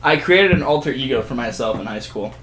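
A young man casually telling a story among friends, animated, laughing often and acting out what people said. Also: mid-range voice, fairly quick, roomy sound. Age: young adult.

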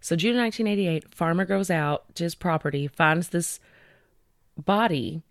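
A woman's voice: fairly low pitch, normal speed, creaky, dry recording, studio quality. A woman co-hosting a casual true-crime podcast, relaying news stories from her notes with frequent fillers. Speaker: podcast co-host.

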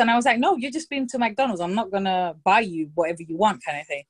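A woman in her thirties telling a story in casual chat, lively and anecdotal, slipping into quoted voices for the people in it. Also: mid-range voice, fast talker. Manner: lively anecdotal storytelling, quoting others in brief put-on voices.

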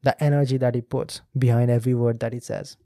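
A man's voice: mid-range voice, little pitch movement, fast talker, vocal fry, mellow, no echo, clean studio sound. A man, a podcast host and speaking coach talking listeners through a video clip in a teacherly way, speaking to them directly. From India. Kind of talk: explanatory commentary on a video clip.

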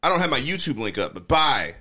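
A man co-hosting a video chat stream, teasing strangers in crude, loud joking banter over a headset. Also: very animated, fast talker. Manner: loud, teasing, swings his pitch widely.

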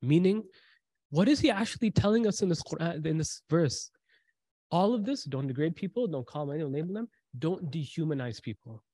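A man's voice: a little high, expressive, moderate pace, warm tone, no echo. A man giving a sermon, retelling a story with quoted dialogue and repeated lines for emphasis. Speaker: preacher.

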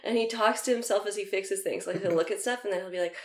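A woman on a podcast, chatting casually as an animated, giggly storyteller who says "like" a lot. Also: mid-range voice, fast. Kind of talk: casual chat. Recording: roomy echo.

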